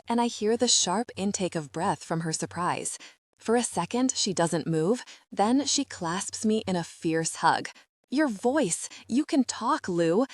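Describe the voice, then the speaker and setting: Female audiobook narrator, low voice, dry close sound, steady first-person read. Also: no echo.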